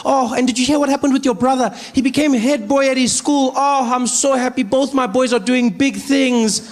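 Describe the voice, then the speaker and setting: A man's voice: extremely high pitch, fairly even intonation, normal speed, pitched above the performer's own voice. A man voicing his affectionate mother on the phone. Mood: gushing. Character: gushing, affectionate middle-aged mother.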